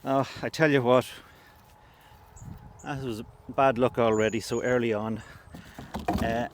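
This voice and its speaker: A man's voice: medium pitch, steady tone, unhurried. Laid-back man on a windy river. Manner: laid-back, wry, a bit sweary. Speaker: vlogger. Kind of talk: casual outdoor chat. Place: canoe on a windy river outdoors. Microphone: action camera. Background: wind and outdoor noise.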